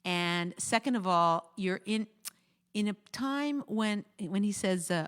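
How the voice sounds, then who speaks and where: Animated woman hosting a talk show. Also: medium pitch, unhurried. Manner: animated, acts out quoted voices. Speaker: host. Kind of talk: casual talk show advice.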